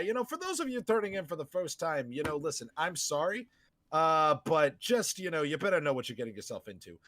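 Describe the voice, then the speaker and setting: A man co-hosts a live film podcast, riffing through playful showman introductions. His voice sits fairly high and swings widely in pitch. The sound is close and dry, with no room around it. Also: fairly bright tone, dry recording. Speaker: podcast co-host.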